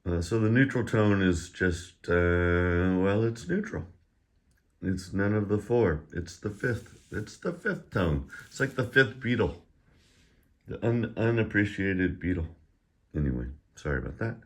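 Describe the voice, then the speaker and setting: A middle-aged man with a deep voice talks slowly through a casual online Chinese lesson. He is chatty and self-deprecating, and his voice is wearing thin as he drills syllables louder and higher. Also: animated. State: voice getting tired. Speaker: Chinese teacher.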